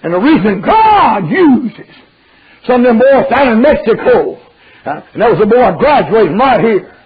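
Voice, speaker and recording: A man's voice: very high voice, big pitch swings, moderate pace. Older man preaching fervently. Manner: shouting, drawling storyteller. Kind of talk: fiery sermon. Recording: dull lo-fi recording.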